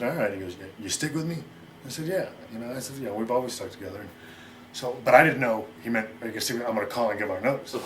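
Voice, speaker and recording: Fast-talking middle-aged man telling stories. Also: on the low side, a bit bright, slight background noise. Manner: rapid, rambling, acts out quoted lines. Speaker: interviewee. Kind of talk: shoot interview storytelling.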